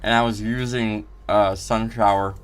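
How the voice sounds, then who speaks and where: A man's voice: fairly low pitch, level tone, unhurried, smooth, soft background music. A man casually chatting on his game live stream, unsure of himself and answering viewer questions from chat. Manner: rambling, unsure, reads chat aloud.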